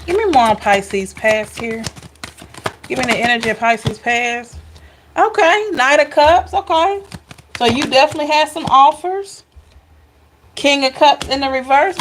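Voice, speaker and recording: High-voiced chatty tarot reader woman. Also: a little hiss or hum. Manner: chatty, blunt, playful, talks straight to viewers. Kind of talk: casual tarot reading to camera.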